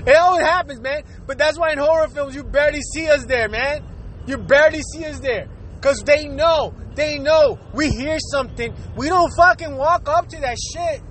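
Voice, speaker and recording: Man, very high voice, podcast host, profane casual rant, laughs a lot, faint street noise behind. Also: normal speed, fairly bright tone. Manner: laughing often, swearing, filler-heavy.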